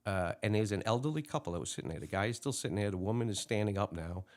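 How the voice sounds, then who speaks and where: An older man, a retired police lieutenant, telling a story in an interview. His voice is low but swings widely up and down as he acts out each line of dialogue. The delivery is lively and expressive. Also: rapid-fire. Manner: animated, acts out dialogue in a raised voice.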